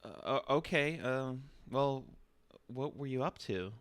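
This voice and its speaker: A man's voice: medium pitch, expressive, a little slow, heavy background noise. A man streaming a casual chat with an AI chatbot, swearing and laughing, and turning aside to talk to his viewers.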